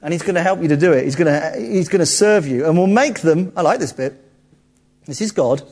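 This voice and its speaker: A man preaching a sermon in a lively, conversational way, joking with his listeners. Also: a little high, a little fast, husky. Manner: lively, jokey, conversational, acts out quotes.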